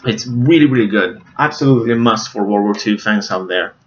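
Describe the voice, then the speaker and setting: A man's voice: lowish voice, fairly quick, a little hiss or hum. Rambling man reviewing films, lo-fi. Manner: rambling, searches for names, many fillers. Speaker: movie reviewer. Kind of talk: casual movie review.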